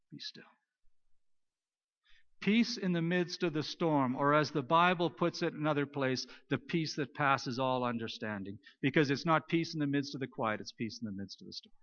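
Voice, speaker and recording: A male pastor delivering a sermon in a storytelling way. His voice sits slightly high and swings between strong emphasis and near-whispered quiet. The recording sounds dull and lo-fi.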